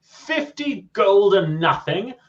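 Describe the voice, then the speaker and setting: A man voicing a haughty, well-groomed rich gentleman with a handlebar mustache who talks down to others, in a tabletop game. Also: sits high, very animated, slow, pitched above the performer's own voice, exaggerated voice. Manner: snooty, condescending. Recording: dull lo-fi audio.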